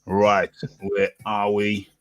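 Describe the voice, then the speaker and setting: British man, boxing talk host, animated, repeats himself, laughs a lot, dry close sound. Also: lowish voice, drawn-out words, no room sound. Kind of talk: casual boxing chat.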